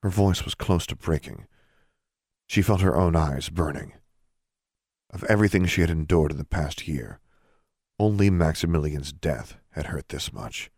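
Deep-voiced man narrating an audiobook. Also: lively intonation, normal speed, pauses often, a little mellow, slightly rough, no echo, clean studio sound. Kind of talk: scripted narration.

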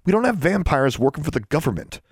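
Wry excitable schoolboy, read by a man, raised pitch, dry sound. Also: quick pace, vocal fry, husky, no room sound, full character voice. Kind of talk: audiobook character voice.

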